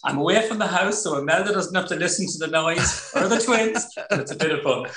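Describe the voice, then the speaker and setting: A middle-aged Irish man, a chef guest on a podcast, chatting enthusiastically in quick bursts. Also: high-pitched, lively intonation, a bit bright, a little hiss or hum. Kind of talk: casual podcast chat. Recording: echoey room.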